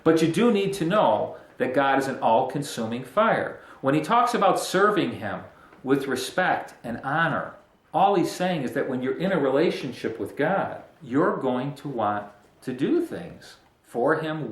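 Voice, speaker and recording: A man's voice: mid-range voice, big pitch swings, measured pace, echoey room. A man preaching a casual, conversational sermon as pastor, joking and breaking into emphatic bursts.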